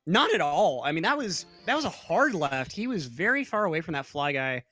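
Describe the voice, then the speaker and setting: Guy with a slightly high voice calling a speedrun race, friendly and reactive, soft music in back. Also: big pitch swings. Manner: friendly, reacts quickly to plays. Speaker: speedrun commentator. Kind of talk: casual play-by-play commentary.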